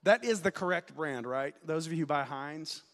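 A man in his forties preaches a sermon in a church sanctuary, his fairly high voice carried by a long reverb. He jokes at his own expense, tells stories, and sometimes slips into a loud preacher voice. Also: animated, moderate pace. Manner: self-deprecating, joking, storytelling, bursts of loud preaching. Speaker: student pastor, guest preacher. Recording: long reverb of a large hall.

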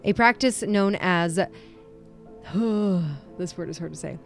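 Woman, podcast co-host, chatty and self-deprecating, quick to laugh. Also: on the low side, creaky, faint music behind. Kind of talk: casual true-crime podcast chat.

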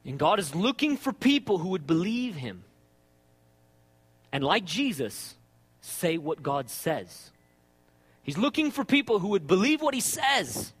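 A man preaching a sermon in an animated, conversational way, often checking in with "right?". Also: sits high, measured pace, pauses often, slightly rough, big-room sound.

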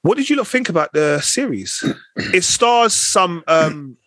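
A man hosting a casual chat and retelling scenes in slangy, animated talk. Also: sits high, measured pace, no echo, rough recording. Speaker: podcast host.

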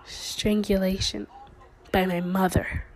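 A woman voicing a calm, sinister ghost girl in a soft, hushed way in a spoken story. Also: mid-range voice, a little slow, close to an everyday voice, low-quality recording. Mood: eerie calm.

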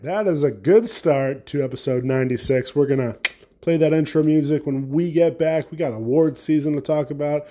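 A young man talks alone into his podcast mic, rambling from one thought to the next. His humor is crude and self-deprecating. His voice sits at an ordinary pitch with a mellow, unforced tone. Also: a little fast, dull audio. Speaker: podcast host. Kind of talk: casual solo podcast rant.

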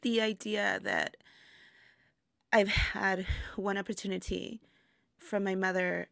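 A burlesque performer who immigrated to the United States reflects slowly as a guest in a relaxed, casual interview, using many fillers and laughing often between thoughts. Her mid-range voice has a gravelly, slightly fried texture, recorded dry and close with no room sound.

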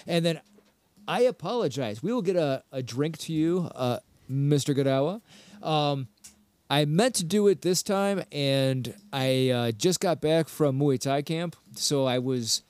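A man hosting a casual podcast, relaxed and easygoing, often laughing as he chats. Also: on the high side, a little slow, no room sound. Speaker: podcast host.

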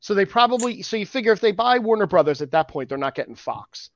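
With a high voice, big pitch swings, and a quick pace, a man jokes with his co-host while reading rankings and news on a casual geek news podcast. There's no room sound, but the recording is dull and lo-fi.

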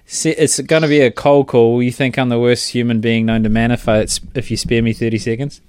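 A man's voice: mid-range voice, level tone, fairly quick, darkish tone, smooth. Cheeky self-mocking man cold-calling. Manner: cheeky, self-mocking banter with stammered restarts. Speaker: podcast host making cold sales calls. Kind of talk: joking cold-call chat on speakerphone. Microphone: phone on speaker, recorded close.

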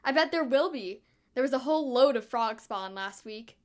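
A woman voicing an eager, friendly young boy, storybook reading, higher voice. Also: expressive, normal speed, darkish tone, natural voice.

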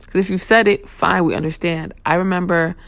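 A young woman rants bluntly in a casual talk, sassy and unfiltered, cursing freely. Her voice sits on the low side and has a gravelly, fry-laden edge. The sound is close and dry. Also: steady tone, fairly quick, a bit bright, no room sound. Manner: blunt, sassy, profane venting. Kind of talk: casual opinion rant.

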